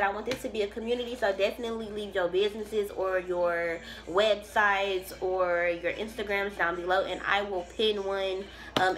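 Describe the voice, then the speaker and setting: A woman's voice: medium pitch, fairly bright tone. A woman giving a casual tarot reading to camera. She talks in an emphatic, profane and preachy way, rambling and restarting her sentences. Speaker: tarot reader.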